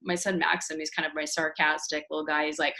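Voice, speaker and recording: A woman in her forties hosting an interview, telling a personal story in an animated way and acting out the voices of the people in it. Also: low-pitched, fast. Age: 40s. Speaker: host. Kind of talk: casual interview chat.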